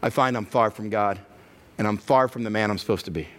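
Man preaching a lively sermon. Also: fairly low pitch, fairly quick. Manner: acts out inner voices, builds to loud passionate climax. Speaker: pastor.

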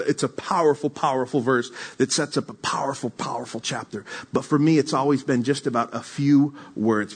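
Guy preaching a sermon, tells stories and acts out the quotes, medium-pitched voice. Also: breathy edge. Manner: animated storyteller, acts out quotes. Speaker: pastor. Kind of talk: sermon with storytelling.

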